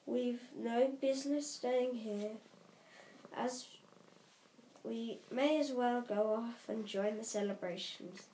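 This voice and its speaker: A woman voicing a calm, wise elderly wizard man with a gently whimsical way of speaking, in a storybook reading. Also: on the high side, slow pace, a little hiss or hum. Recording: roomy echo.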